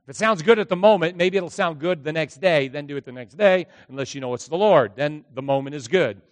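A male pastor preaching a sermon, telling a story with lively acted-out dialogue and bursts of shouting. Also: on the high side, brisk, dry recording. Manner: animated storytelling, acts out dialogue, shouts at peaks.

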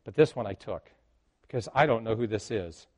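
A male pastor telling a story in a sermon, swinging between loud and hushed and joking with the congregation. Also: on the low side, animated, brisk. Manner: jokes with the congregation.

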